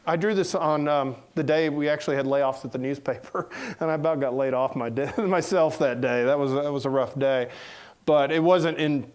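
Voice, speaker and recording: A man's voice: a little high, normal speed, darkish tone, clear, resonant tone. A middle-aged man with a Southern American accent, a cartoonist giving a casual talk in a lecture room, telling folksy, joking anecdotes. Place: lecture room before an audience.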